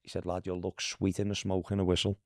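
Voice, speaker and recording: A man's voice: low-pitched, fast, dry recording, clean studio sound. A man from Liverpool with a Scouse accent, telling stories in a casual podcast chat and mimicking the people in them. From Liverpool, England. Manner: animated, mimics voices in anecdotes, says "lad" constantly. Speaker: guest, former footballer. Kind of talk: casual storytelling.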